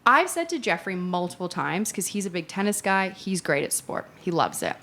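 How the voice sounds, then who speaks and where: A young woman with an Australian accent, co-hosting a casual podcast chat and telling animated stories, acting out other people's lines. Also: lowish voice, moderate pace. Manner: animated storytelling, acts out quoted voices, laughs often. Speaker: podcast co-host.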